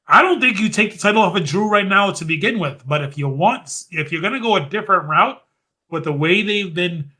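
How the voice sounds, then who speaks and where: Casually chatting about wrestling, this male podcaster runs through a quick, lively recap in a bright voice that sits slightly high.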